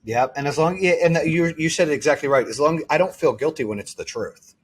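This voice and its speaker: A man's voice: a little high, fast talker, slightly rough. A man hosting a podcast, chatting casually and earnestly with frequent restarts. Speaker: podcast host. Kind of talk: casual interview chat.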